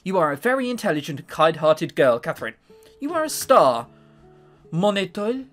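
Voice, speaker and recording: A man voicing a kind, wistful nobleman in a visual novel, speaking politely and gently. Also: a little high, sing-song, brisk, soft background music. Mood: gentle.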